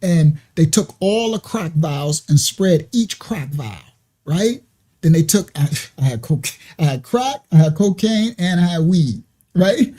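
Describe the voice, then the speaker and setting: Husky, mellow-voiced man telling a story. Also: on the high side, lively intonation, unhurried. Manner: emotional, rambling, restarts dates and details. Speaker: ministry show host. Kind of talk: casual personal storytelling.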